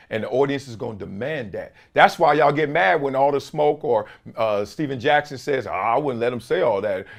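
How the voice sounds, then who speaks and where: A man's voice: a little high, creaky. A middle-aged man hosting a sports talk show, giving emphatic solo commentary full of slang and laughter.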